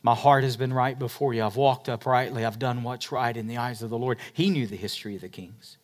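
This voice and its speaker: Middle-aged male pastor, dynamic sermon delivery, mid-pitched voice, swings from booming emphasis to hushed lines. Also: brisk.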